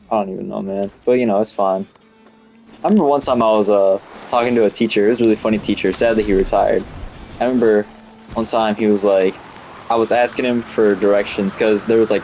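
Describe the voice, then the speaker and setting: A man's voice: on the low side, a little mellow. A young man in his late teens telling rambling, profane school stories in a casual way while playing a video game. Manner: rambling, profane, full of fillers like "you know" and "like". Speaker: student gamer talking while playing.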